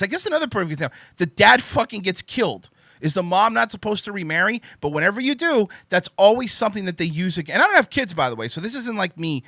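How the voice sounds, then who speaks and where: Young male podcast host, high bright voice, emphatic profane ranting, dry close sound. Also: very animated, quick pace, no room sound. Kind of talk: casual opinion monologue.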